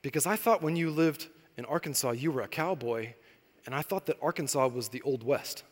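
A serious six-year-old girl asks her questions in a soft, hushed, earnest voice, as a preacher quotes her. The voice trails through the long reverb of a big hall. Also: mid-range voice, fairly quick, voice pushed down, natural voice.

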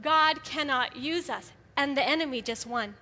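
A middle-aged woman giving an animated sermon to a gathering of women, often laughing as she speaks. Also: high voice, moderate pace. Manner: animated, laughs often, acts out quoted voices. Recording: live hall with long reverb.

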